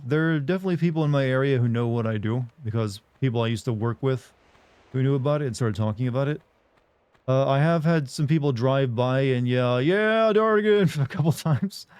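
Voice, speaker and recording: A man's voice: mid-range voice, a little mellow, smooth, no echo. A man chatting casually with viewers while streaming a game, rambling, joking, and laughing often. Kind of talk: casual chat while playing.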